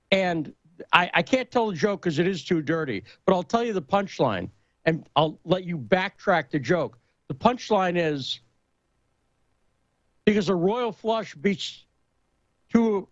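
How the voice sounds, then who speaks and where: A man in casual talk-show conversation, telling a story and joke with lively emphasis. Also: high voice, no echo, dull audio.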